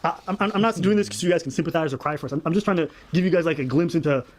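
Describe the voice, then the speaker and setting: A man speaking candidly in a vlog clip, stumbling through restarts and filler words. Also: a little high. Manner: rapid, hesitant, full of restarts and fillers. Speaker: online creator in a played clip.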